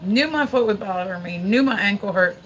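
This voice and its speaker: A woman in her forties livestreams a long, casual story with plenty of swearing and nonstop "like," pausing between stories to thank and chat with viewers. Her mid-range voice is expressive and fairly quick, and the poor recording has a little hiss or hum.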